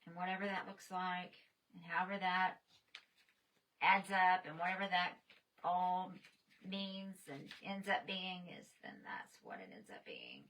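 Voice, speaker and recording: A woman's voice: lowish voice, animated, measured pace, a bit bright, distant mic, a little hiss or hum, poor audio. A woman painting on a live stream, chatting casually with viewers and laughing often.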